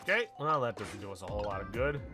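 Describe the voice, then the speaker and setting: A man's voice: on the low side, sing-song, fast talker, music in the background. A man hosting a let's play, making dry, offhand gameplay commentary.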